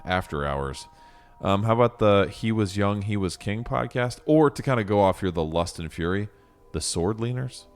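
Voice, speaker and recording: Podcast co-host, a man with a very deep voice and dry, agreeable asides. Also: expressive, moderate pace, clear, resonant tone, faint music behind. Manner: dry, agreeable, lots of short backchannel. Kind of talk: casual book discussion chat.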